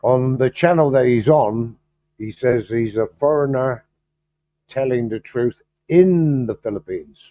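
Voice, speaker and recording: A man hosting a livestream in casual chat, halting and distracted, restarting his sentences as he fiddles with the stream settings. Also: medium pitch. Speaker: livestream host. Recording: thin phone-like video-call audio.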